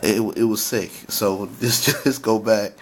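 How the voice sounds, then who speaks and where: A man talking casually to his viewers about hip-hop, excited and often stammering as he restarts his sentences and recites favorite lines. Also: lowish voice, unhurried.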